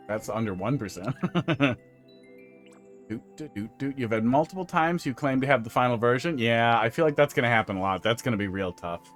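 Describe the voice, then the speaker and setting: A man's voice: medium pitch, lively intonation, fairly quick, fairly bright tone, soft background music. A man streaming a level-building game, chatting casually and joking as he plays, sometimes humming to himself. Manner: chatty, rambling, jokey, hums to himself. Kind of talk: casual live-stream commentary.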